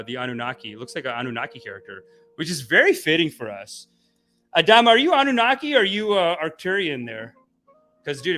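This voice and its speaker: A man's voice: a little high, pushed and bright. A young man hosting a satirical spiritual-guru livestream, mock-preachy and playful, reading chat comments and mimicking people. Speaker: comedy guru host.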